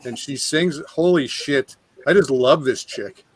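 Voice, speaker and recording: Slow-talking man in casual chat. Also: medium pitch, husky, dry recording, rough recording. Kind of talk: casual chat on a live stream.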